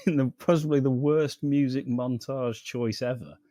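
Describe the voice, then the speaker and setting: A man's voice: mid-range voice, measured pace, mellow, no room sound, clean studio sound. A man co-hosting a podcast, riffing sarcastically with lots of swearing and laughs. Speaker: podcast co-host. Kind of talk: casual chat.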